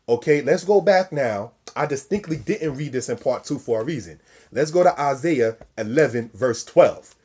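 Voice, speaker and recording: A man's voice: medium pitch, a little mellow, slightly rough. A man giving a scripture lesson, preaching style, repeating and stressing key words and calling his listeners brothers and sisters. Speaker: religious teacher.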